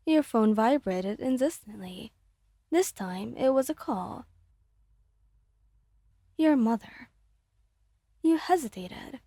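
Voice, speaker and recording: Woman, ASMR story narration, soft and gentle, mellow tone, slightly high voice, dry close sound. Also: no room sound.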